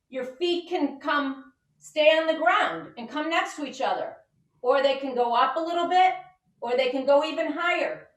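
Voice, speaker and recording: A woman with a fairly bright, high-sitting voice leads a children's yoga and mindfulness lesson, giving upbeat, encouraging step-by-step instructions. The camera is set back from her, so the distant mic picks up a roomy sound.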